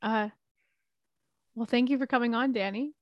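A woman's voice: a little high, moderate pace, no room sound, lo-fi sound. A woman hosting a podcast in casual chat, breezy and laughing often. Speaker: podcast host.

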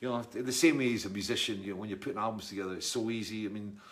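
Middle-aged Scottish musician, casual live chat, wry and rambling, lowish voice. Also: male voice, steady tone, very fast, a bit bright. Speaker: musician answering viewer comments.

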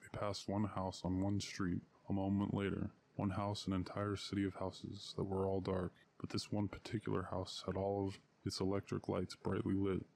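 A man narrating short stories in a measured, unhurried reading. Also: low voice, monotone, gravelly, a little mellow, slight background noise. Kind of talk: audiobook story reading.

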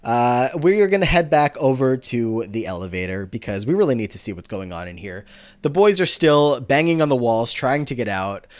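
Animated man recapping a TV episode. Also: medium pitch, normal speed. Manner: animated, quotes characters often. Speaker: podcast host. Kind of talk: casual recap chat.

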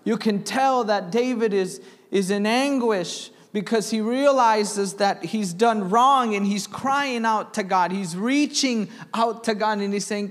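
A man's voice: high voice, slow, few pauses, long reverb tail. A young man preaching a sermon in church, reading scripture aloud and asking the congregation questions. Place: church sanctuary.

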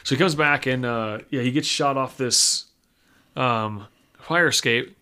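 A young man with a bright, forward voice talks in a relaxed, casual way. He lays out the story piece by piece for a friend, easy and unhurried. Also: medium pitch, smooth. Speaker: comic book discussion co-host. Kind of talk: casual chat.

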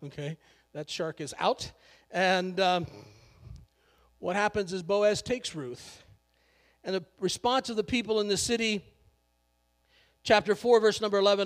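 A man's voice: sits high, measured pace, long reverb tail. A male pastor preaching a sermon in a conversational, joking way, laughing often.

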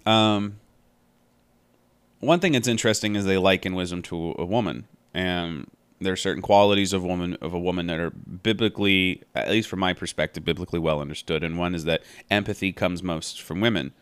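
A man's voice: deep voice, a little fast, fairly bright tone, smooth, dry recording. A man giving casual, earnest Bible commentary, thinking aloud as he meanders from point to point. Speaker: Bible study podcaster.

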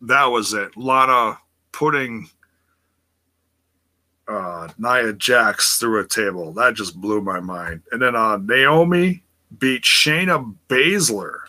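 Male stream host, crisp bright tone, casual rambling chatter with repeated words. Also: mid-range voice, slow. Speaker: wrestling podcast host reading chat. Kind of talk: casual live-stream chat.

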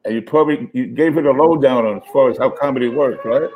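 A man's voice: medium pitch, quick pace, phone-quality sound, crowd noise. A man hosting a casual interview, chatty and agreeable with his guest.

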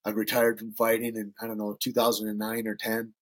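A middle-aged Northern Michigan man tells casual stories on a podcast in a low-ish voice with a completely flat delivery and a fairly quick pace. He's loose and foul-mouthed, acting out the voices of the people in his stories.

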